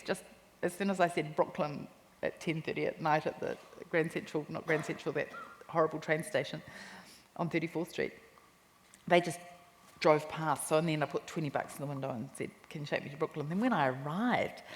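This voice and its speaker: A woman with a New Zealand accent, a cookbook author telling lively anecdotes in a stage interview at a live festival talk. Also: sits low, fairly quick. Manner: animated anecdotes with quoted voices and laughter. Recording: reverberant hall with faint noise.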